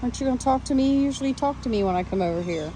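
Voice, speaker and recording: A woman's voice: on the high side, animated, very fast, warm tone, slight background noise. Woman coaxing her parrots in sing-song baby talk. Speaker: parrot owner vlogger. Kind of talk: casual talk to pet birds. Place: home during a power outage, near bird cages.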